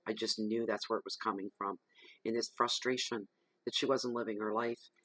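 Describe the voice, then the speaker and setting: Man, lowish voice, tarot reader, rambling chat to camera, soft murmured invocations, camera mic at home. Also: fairly even intonation, normal speed, no room sound, low-quality recording. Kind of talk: casual chat to camera during a tarot reading. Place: at home in the evening. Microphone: camera microphone.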